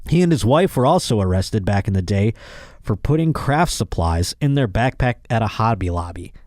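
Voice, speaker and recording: A man's voice: on the low side, expressive, normal speed, a little mellow, no room sound, studio quality. A young man hosting a comedic news podcast, reading odd crime stories and riffing on them with sarcastic, exasperated asides. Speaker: podcast host.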